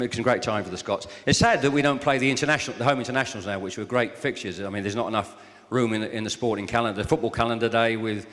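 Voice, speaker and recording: A man's voice: lowish voice, a bit bright. Older southern English man, hall echo. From southern England. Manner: jokey, teasing the audience. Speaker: guest speaker. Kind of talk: after-dinner anecdotal speech. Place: function hall with live audience. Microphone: handheld or stand microphone. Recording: long echo of a large hall.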